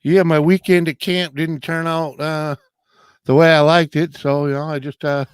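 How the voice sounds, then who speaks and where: A man's voice: on the high side, flat delivery, normal speed, clean tone, no room sound, studio quality. Laid-back man hosting late-night chat. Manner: laid-back, drawling, greets viewers by name. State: coming down with a cold. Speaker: live stream host.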